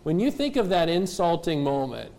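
Male pastor, high voice, emphatic sermon, lots of rhetorical questions. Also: very animated, normal speed, vocal fry, mellow. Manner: addresses kids and adults directly.

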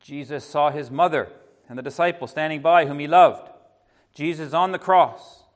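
Earnest preacher, slightly high voice. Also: male voice. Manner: earnest, halting, with many restarts and soft asides. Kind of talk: evening sermon.

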